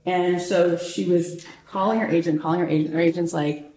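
A woman hosting a show, retelling a story in a lively, casual way, repeating phrases and often saying "like". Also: lowish voice, brisk, a little hiss or hum. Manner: animated, repeats phrases, frequent "like". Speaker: podcast host. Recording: roomy echo.

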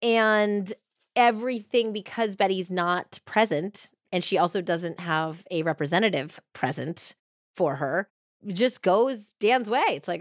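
Woman, casual storyteller, dry close sound, mid pitch, acts out quotes with pitch jumps. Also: unhurried, no room sound. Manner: many fillers like "like" and "you know". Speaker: podcast co-host. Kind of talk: casual true-crime storytelling.

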